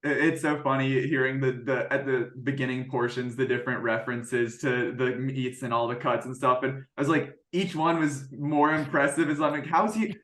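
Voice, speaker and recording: A man's voice: medium pitch, little pitch movement, moderate pace, few pauses, a bit bright. A man interviewing an actress, asking long enthusiastic questions. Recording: roomy echo.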